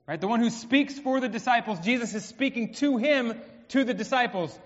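A male pastor preaching a sermon in a conversational way, his voice swinging from hushed to emphatic. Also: extremely high pitch, animated, moderate pace, hardly any pauses. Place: church hall. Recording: dull, echoey hall.

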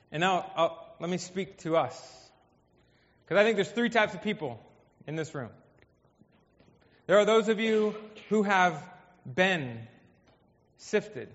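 A male pastor preaching a sermon in a conversational way, his voice swinging from hushed to emphatic. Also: high voice, very animated, unhurried. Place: church hall. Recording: dull, echoey hall.

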